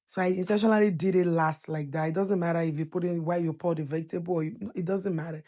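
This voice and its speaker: Lady narrating her cooking vid, low-ish voice, chatty and jokey. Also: fairly even intonation, fast talker, dark tone. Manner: chatty and playful, teasing viewers with laughs. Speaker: cooking channel host. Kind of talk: casual voice-over narrating a cooking video.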